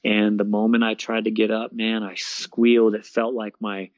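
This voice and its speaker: Young guy with a lowish voice telling his story on an interview, laughs a lot, says "bro" all the time, muffled dry recording. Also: normal speed, dry recording. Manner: animated, laughs often, says "man" and "bro". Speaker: guest, fitness coach and speaker. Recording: dull, dry lo-fi sound.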